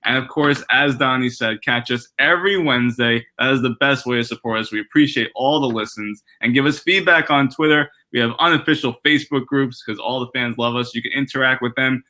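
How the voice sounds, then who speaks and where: A man co-hosting a casual wrestling podcast, teasing his partner and running through the show's plugs in a steady tone. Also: mid-range voice, fairly quick, few pauses. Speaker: podcast co-host.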